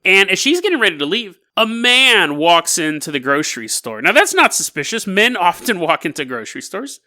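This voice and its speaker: A male podcast host telling stories in a loose, comedic way. His voice is bright and lively, with big swings in pitch, and he laughs through his own jokes. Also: fairly quick. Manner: jokey, animated, laughs while talking. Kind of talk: casual comedic storytelling.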